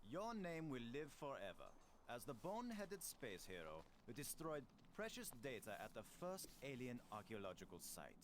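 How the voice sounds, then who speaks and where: A man's voice: medium pitch, huge pitch swings, moderate pace, slight background noise. An actor playing an indignant, sarcastic male archaeologist in an adventure game. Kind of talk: 1990s adventure game voice acting.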